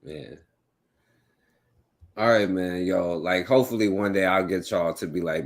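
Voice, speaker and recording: A man with a very low, deep voice hosts a loose, casual talk show. He rambles in an easy, conversational way and keeps dropping "you know what I'm saying" between his thoughts. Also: fairly even intonation, moderate pace. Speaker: host. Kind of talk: casual podcast chat.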